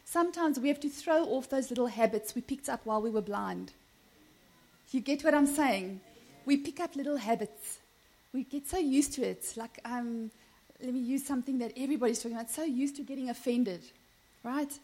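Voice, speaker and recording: A woman pastor preaching a lively sermon, calling for amens and laughing often. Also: sits high, moderate pace. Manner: animated, asks the congregation for amens, laughs often.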